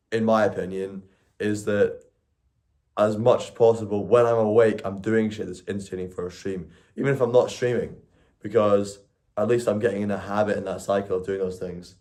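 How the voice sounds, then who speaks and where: Rambling young male streamer, lowish voice. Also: warm tone. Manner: rambling and self-correcting, with frequent swearing. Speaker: IRL streamer. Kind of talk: casual live-stream chat.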